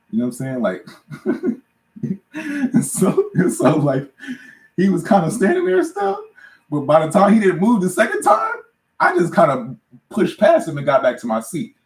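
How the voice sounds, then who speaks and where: A man's voice: fairly high pitch, huge pitch swings, normal speed, long pauses, darkish tone. A man hosting a live podcast, telling stories casually, laughing often and often asking "you know what I'm saying". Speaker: podcast host. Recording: roomy echo.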